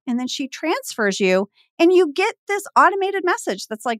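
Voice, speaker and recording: A woman's voice: high-pitched, moderate pace, few pauses, dry recording, clean studio sound. A woman in her forties from Texas, guesting on a podcast and telling a story in casual chat, acting out the voices she quotes. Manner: animated, acts out quoted voices.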